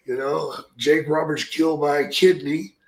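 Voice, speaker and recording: An older man telling profane stories in casual chat, with a gruff manner and loud acted-out quotes. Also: a little high, flat delivery, moderate pace, slight background noise. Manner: gruff, swears constantly, acts out quotes loudly. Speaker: podcast guest, storyteller. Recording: echoey room.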